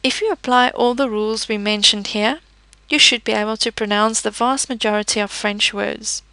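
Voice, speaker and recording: Patient woman teaching French sounds, slight fry. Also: on the high side, steady tone, sharp tone, no echo. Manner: patient, methodical, slows down to model words. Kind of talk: explanatory language lesson.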